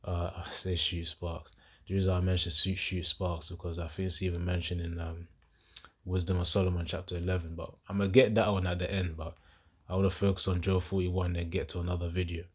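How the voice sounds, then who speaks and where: A man with a very low voice talks through scripture in a loose, chatty way, laughing as he goes. He slows right down to read verses out with weight. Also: flat delivery, husky. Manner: loose and chatty, laughs often, reads verses slowly and emphatically. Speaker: scripture teacher. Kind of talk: casual scripture talk.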